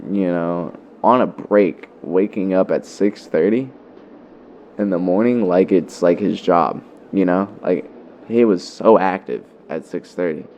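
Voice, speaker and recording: Young guy rambling thru a story, deep mellow voice, swears a lot, kinda dull lo-fi audio. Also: a little hiss or hum. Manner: loose, profane, with many fillers. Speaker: vlogger. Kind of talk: casual storytelling.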